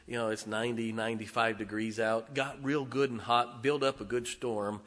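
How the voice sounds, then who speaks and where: Man, middle-aged, from northern Ohio, folksy storyteller, bright voice, long hall reverb. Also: medium pitch, little pitch movement, normal speed. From northern Ohio, near Lake Erie. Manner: folksy, conversational, acts out quoted dialogue. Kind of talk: personal storytelling.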